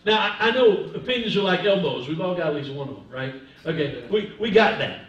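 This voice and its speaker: A man, an older pastor, preaching a sermon with humor, swinging between soft asides and loud emphasis. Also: high-pitched, expressive, a little fast, dull audio. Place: church sanctuary. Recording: echoey church from a distance.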